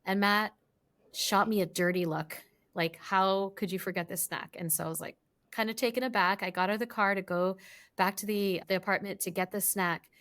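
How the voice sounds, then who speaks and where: A woman's voice: mid-range voice, fairly even intonation, a little fast, fairly bright tone. A woman guest in an interview, explaining ideas and telling stories in a reflective way. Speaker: guest, relationship coach. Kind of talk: interview answers.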